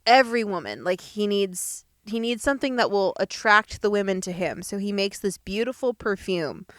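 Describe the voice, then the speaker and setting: A woman's voice: medium pitch, animated, moderate pace, no echo, studio quality. A young woman co-hosting a podcast, recapping a movie in casual chat, laughing often and full of fillers. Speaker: podcast co-host.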